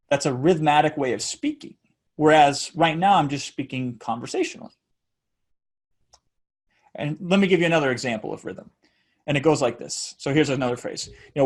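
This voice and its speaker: Man, fairly high voice, lively speaking coach, chants examples to show rhythm. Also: fairly quick. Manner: animated, demonstrates rhythms by chanting and sounding out beats. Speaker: public speaking teacher. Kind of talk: teaching talk on speech delivery.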